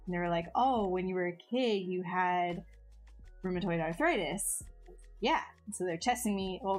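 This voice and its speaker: A woman chatting casually on a live stream while she sculpts, answering viewers in a self-mocking way that often trails off and restarts. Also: mid-range voice.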